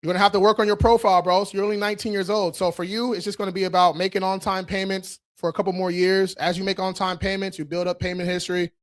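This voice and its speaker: A credit repair host with a fairly high voice and little pitch movement leads a casual credit Q&A live stream. His talk is loose and slangy, full of swearing and laughter, and he keeps firing off quick rallying calls to viewers.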